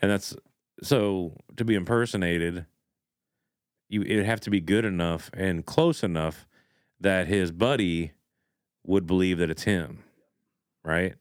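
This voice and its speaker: A man co-hosting a podcast, speculating in relaxed casual chat. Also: low voice, a little slow, pauses often, clear, resonant tone, no room sound, clean studio sound. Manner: relaxed, speculative, uses "like" often. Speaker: podcast co-host.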